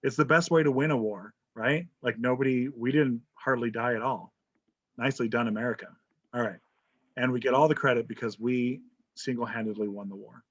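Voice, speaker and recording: A man's mid-range, fairly bright voice carries a laid-back online history lesson where he jokes and checks in with "right?". Captured through a video call, the audio is dull and lo-fi.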